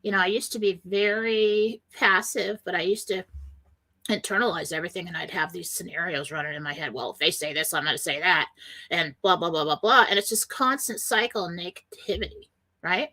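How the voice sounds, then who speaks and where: A woman's voice: fairly low pitch, fairly quick, sharp tone. A middle-aged woman hosting a spiritual self-help radio talk, speaking earnestly and rambling a little, sometimes acting out panicked voices. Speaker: radio show host.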